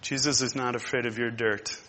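A man preaching a sermon, impassioned and emphatic. He moves between hushed and loud. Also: medium pitch, fairly even intonation, moderate pace, long reverb tail, a little hiss or hum. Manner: repetitive, emphatic.

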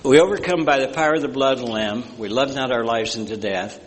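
Folksy preacher with hall reverb. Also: male voice, mid-range voice, fast. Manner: folksy, rambling, with fillers and asides. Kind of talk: sermon with storytelling.

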